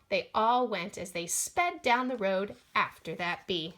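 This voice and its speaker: A woman reading a children's storybook aloud in an expressive manner, voicing the sound effects along the way. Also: mid-range voice, a little slow, few pauses.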